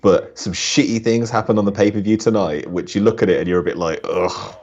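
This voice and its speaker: A man with a low voice rambles through casual chat, full of "like" and restarts. His audio is dull and lo-fi. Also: steady tone, a little fast, a little mellow. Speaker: co-host panelist.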